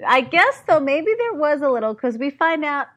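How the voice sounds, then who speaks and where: A woman co-hosting a casual podcast, recapping a movie with lots of laughter and lively retelling. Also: high voice, moderate pace. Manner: animated, laughs often, acts out lines from the film. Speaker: podcast co-host.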